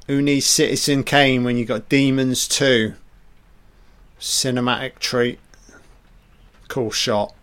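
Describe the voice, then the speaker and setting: A man drawls through a casual film commentary at an unhurried, slow pace. His voice sits at an ordinary middle pitch. He is sarcastic, swears freely and tosses off laid-back asides. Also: flat delivery, fairly bright tone, clear, resonant tone.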